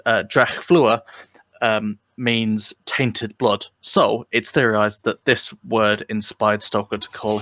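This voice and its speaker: A man's voice: lowish voice, a bit bright, no echo. A British man co-hosting a comedy podcast, chatting casually with a lot of ums and restarts. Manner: chatty, hesitant with many fillers. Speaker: podcast co-host. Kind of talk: casual chat.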